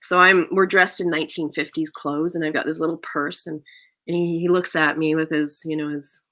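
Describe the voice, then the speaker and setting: A middle-aged woman actor telling an anecdote in an interview, acting out quoted lines with sudden rises in pitch. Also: steady tone, normal speed, fairly bright tone. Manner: acts out quoted lines with big pitch jumps and gasps. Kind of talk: animated anecdotal storytelling.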